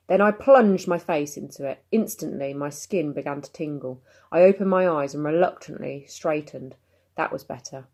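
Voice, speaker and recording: A woman reading a bedtime story aloud in a calm, steady way. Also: sits low. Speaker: story reader.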